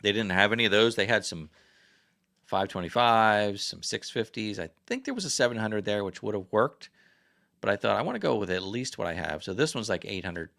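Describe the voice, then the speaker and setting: A man's voice: on the low side, lively intonation, moderate pace, a bit bright. A man hosting a casual livestream chat, rambling and chatty and often correcting himself. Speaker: livestream host.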